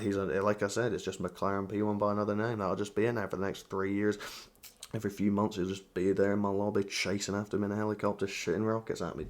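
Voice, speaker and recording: A man giving heated, profane gameplay commentary, mocking and ranting about another player. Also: sits low. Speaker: gaming commentator.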